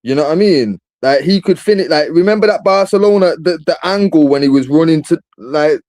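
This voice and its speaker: A man's voice: fairly high pitch, a little fast, darkish tone. Emphatic man arguing football. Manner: emphatic, argumentative, says bro a lot. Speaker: football podcast host. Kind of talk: casual debate.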